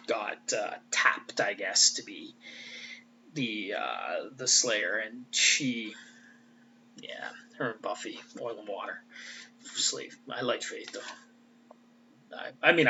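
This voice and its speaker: A man's voice: mid-range voice, pushed and bright, highs cut off, a little hiss or hum. A man giving a casual, rambling fan recap. He swears freely and often trails off and restarts. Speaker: fan commentator.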